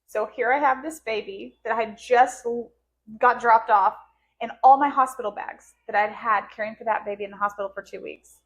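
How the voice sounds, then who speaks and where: A woman's voice: on the high side, steady tone, fairly quick. A woman podcast host telling an emotional personal story in casual conversation, her voice rising and cracking into tearful laughter as she relives moments.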